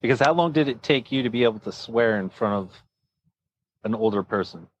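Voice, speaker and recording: A man's voice: medium pitch, animated, fairly quick, no room sound. A man who is a guest on a casual podcast chat, giving brief, plain-spoken answers. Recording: dull lo-fi mic.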